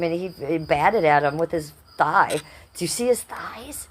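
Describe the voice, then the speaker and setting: A woman on a casual live stream from her home, rambling excitedly to her viewers and swearing freely. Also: deep voice, measured pace, slightly rough. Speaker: livestreamer. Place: at home by a window.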